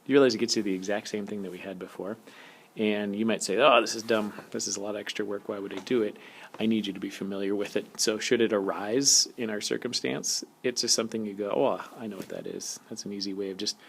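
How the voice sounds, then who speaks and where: A man in a recorded calculus lesson, talking loosely and cracking small jokes as he writes. His voice sits low with a gravelly edge. A faint hiss runs under the screencast audio. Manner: relaxed, jokey, talks while writing. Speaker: math teacher. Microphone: tablet screencast mic.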